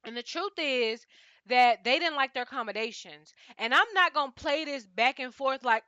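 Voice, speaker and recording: Woman recap host, blunt and profane, sharp bright tone, dull lo-fi dry recording. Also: high voice, lively intonation, normal speed, no echo. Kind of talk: casual TV recap rant.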